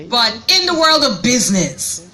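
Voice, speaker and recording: A woman's voice: a little high, very animated, slow pace, sharp tone. A woman acting as master of ceremonies introduces the next speaker to an audience in a playful way, laughing and full of praise. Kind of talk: event introduction. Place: event hall before an audience.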